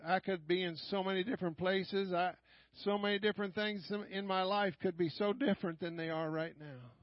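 An older man leading fervent prayer and preaching at a church service, often shouting and repeating lines of praise. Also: sits high, fairly even intonation, a little fast, dry recording, lo-fi sound.

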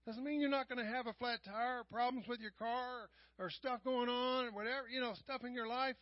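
High-voiced preacher, dull lo-fi sound. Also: male voice, fairly even intonation, brisk, hardly any pauses, no echo. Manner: swings from quiet asides to loud raised passages. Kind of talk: sermon. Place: church sanctuary. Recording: dull, lo-fi church live stream.

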